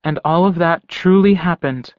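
Guy doing a pushy sarcastic young woman, higher voice, dull dry audio. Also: moderate pace, dry recording, lightly acted. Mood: prodding. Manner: exasperated, teasing, insistent.

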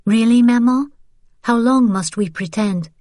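A woman voicing a bitter, grieving girl of almost fourteen who speaks in a sharp, accusing, cynical way. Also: a little high, measured pace, no echo, clean studio sound, pitched above the performer's own voice, natural voice.

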